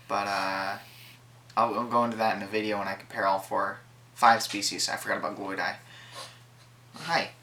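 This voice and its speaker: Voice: mid-range voice, bright, forceful tone. A young adult reptile keeper chatting casually to camera, rambling and self-correcting, cooing at the snakes.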